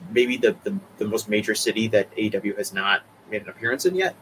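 A man from the Boston area co-hosting a podcast in casual chat, animated and prone to playful asides. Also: fairly low pitch, quick pace, slight background noise, low-quality recording. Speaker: podcast co-host, reporter.

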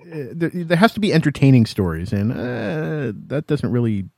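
A man chatting casually on a podcast, dropping deadpan quips. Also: mid-range voice, normal speed, vocal fry, dry recording.

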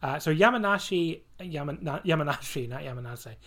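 A man's voice: on the high side, fairly quick, fairly bright tone. A man hosting a podcast in casual chat, rambling and enthusiastic, laughing and swearing as he talks. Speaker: podcast host.

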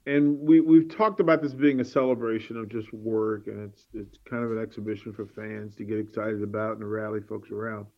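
A man's voice: lowish voice, little pitch movement, a little fast, hardly any pauses, lo-fi sound. A man hosting a sports talk show, chatting casually and leading his co-host with questions.

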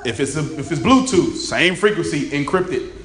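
A raspy-voiced man giving an interactive seminar talk, emphatic, repeating key phrases and quizzing his live audience. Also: a little high, expressive, moderate pace, fairly bright tone. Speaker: motivational speaker. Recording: echoey room, faint ambience.

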